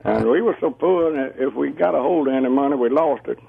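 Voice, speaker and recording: Older caller on a muffled line. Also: male voice, mid-range voice, gravelly. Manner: slow, chuckling, folksy. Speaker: radio caller. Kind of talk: casual call-in radio chat. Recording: muffled phone-line call.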